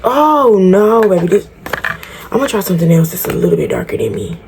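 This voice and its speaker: A woman's voice: mid-range voice, very animated, brisk, vocal fry, background noise. A woman vlogging a tutorial in casual chat, talking straight to her viewers, frank, exasperated and swearing freely. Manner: chatty, talks straight to viewers. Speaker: beauty vlogger.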